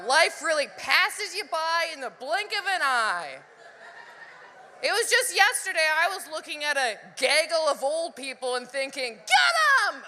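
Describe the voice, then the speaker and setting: A woman performing live stand-up comedy, animated, acting out voices and laughing often. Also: high-pitched, long reverb tail.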